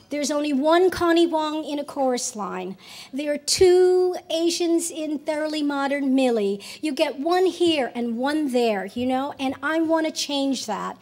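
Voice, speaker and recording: An older woman speaks from a convention stage with a high, bright voice. She talks earnestly and with animation, restarting phrases as she goes and slipping into quoted lines. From United States. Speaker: keynote speaker. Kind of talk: convention keynote speech. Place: convention hall.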